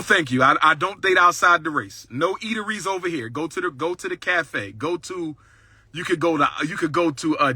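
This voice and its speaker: A man's voice: high-pitched, pushed and bright, slightly rough, no echo. A man hosting a livestream, talking boldly and boastfully in a preaching cadence and repeating his lines for emphasis. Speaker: livestream host. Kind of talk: livestream talk.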